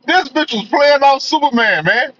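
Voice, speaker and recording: A man's voice: sits high, fairly bright tone. A man giving a profane, emphatic rant as a movie reviewer, filling his talk with "man" and "you know.". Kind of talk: ranting commentary. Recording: dull lo-fi audio.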